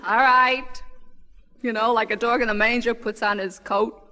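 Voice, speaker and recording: A woman stand-up comedian, telling a wry, chatty story full of quick back-and-forth quotes, on a 1960 live comedy record. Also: fairly high pitch, fairly even intonation, pushed and bright.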